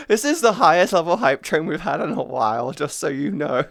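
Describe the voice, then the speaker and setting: A woman streaming live, chatting casually with her chat, giggly and playful, sometimes cooing softly in baby-talk. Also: sits low, sing-song, unhurried, creaky, long pauses, dry recording, studio quality. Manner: giggly, playful, often laughing.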